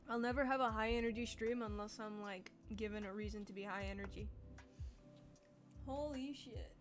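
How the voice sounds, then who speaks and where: A woman's voice: mid-range voice, moderate pace, music in the background. A young woman chatting casually on a live art stream. She sounds tired and rambles candidly, swearing now and then.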